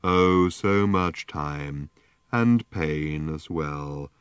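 A man voicing an ancient, rusted, depressed male robot in an audiobook, with a slow, groaning, gloomy drawl. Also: a bass voice, smooth, no echo, full character voice.

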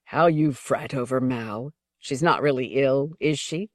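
A woman reading the part of a dignified male captain who speaks stiffly and low. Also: measured pace, darkish tone, no echo, clean studio sound.

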